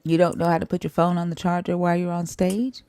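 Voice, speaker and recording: A young woman hosts a heated live-stream debate, blunt and openly profane with guests and commenters. Her voice sits a little low, dark and mellow in tone, with a gravelly edge of vocal fry. She talks in a confrontational, no-nonsense way. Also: flat delivery, fast talker, no room sound.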